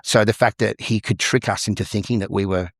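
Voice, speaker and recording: A man's voice: lowish voice, fairly quick, vocal fry, no echo, studio quality. A middle-aged Australian man, a musical theatre performer, telling stories from his career in an interview and acting out the voices of the people he quotes. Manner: lively storyteller who acts out the people he quotes. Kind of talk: interview storytelling.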